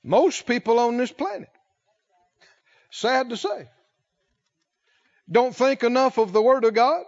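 A man preaching a sermon, speaking slowly and emphatically, drawing out key words and putting questions to the congregation. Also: extremely high pitch, dull audio.

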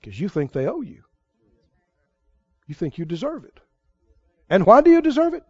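A man preaching a sermon as pastor, fervent, with sudden bursts of loud praise. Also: sits high, wildly swooping pitch, moderate pace, husky, no room sound, muffled recording.

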